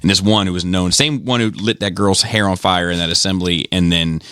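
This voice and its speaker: Low-voiced man telling profane stories. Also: brisk, clear, resonant tone, dry recording. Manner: profane, animated retelling with quoted voices. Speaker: podcast host. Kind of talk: casual storytelling.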